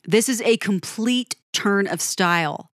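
A woman hosting a music commentary, gushing about a song, animated and quick to correct herself. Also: medium pitch, dry recording, clean studio sound. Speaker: music podcast host. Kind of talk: enthusiastic song breakdown.

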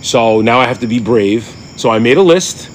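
Telling a story on a podcast he co-hosts, a middle-aged man speaks at normal speed in a medium-pitched voice over slight background noise. The chat is casual and profane, and he performs other people's quotes with animation.

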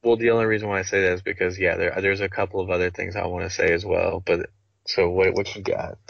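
A man's voice: low-pitched, little pitch movement, quick pace, vocal fry, no room sound. A young man co-hosting a podcast, ranting casually and with exasperation about workplace rules. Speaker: podcast co-host. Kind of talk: casual chat. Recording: dull lo-fi sound.

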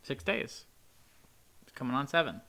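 A man's voice: mid-range voice, big pitch swings, gravelly, bright, forceful tone. A man co-hosting a podcast in casual banter, joking and playful. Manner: joking, playful, quick to put on voices. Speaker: podcast co-host.

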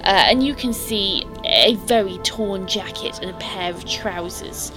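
A woman narrating a tabletop game as game master, describing scenes at length with small restarts. Her voice sits at a middle pitch, with music clearly audible under it. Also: unhurried.

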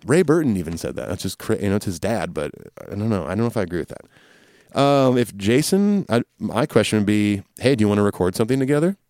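A man's voice: on the low side, sing-song, fairly quick, darkish tone, dry recording. A man hosting a podcast, chatting casually through listener questions in an easygoing, rambling way full of fillers and restarts. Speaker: podcast host.

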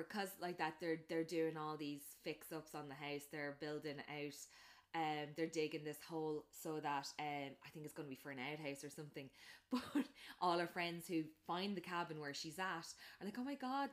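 Woman chatting about a movie, lower-ish voice, lots of ums, does silly voices for the characters. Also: normal speed. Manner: animated storytelling, acts out characters' lines in a raised pitch; many fillers and restarts. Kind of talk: casual chat retelling a film plot.

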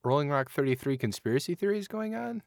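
Lively man tossing out jokes. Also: a little high, gravelly, no room sound, clean studio sound. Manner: teasing, quick deadpan jokes. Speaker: podcast co-host. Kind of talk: casual comedic chat.

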